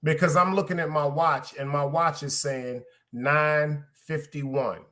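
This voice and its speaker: A man ranting through a work story on his podcast, profane and animated, repeating lines for emphasis and calling out to his listeners. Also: on the high side, measured pace. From Brooklyn, New York. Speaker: podcast host. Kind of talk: casual storytelling rant.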